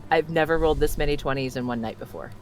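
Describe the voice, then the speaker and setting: A man's voice: fairly high pitch, fast talker, a loud crowd. A man playing a tabletop game, chatty and apologetic, double-checking the rules as he rolls. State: clearing throat, choking on mucus. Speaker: player. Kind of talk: casual tabletop play.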